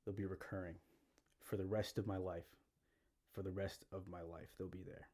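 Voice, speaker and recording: A young man hosting his own podcast, rambling in a halting monologue and often repeating himself. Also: deep voice, level tone, dark tone. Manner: meandering, halting, repeats himself, frequent "you know" and "like". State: out of breath. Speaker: podcast host.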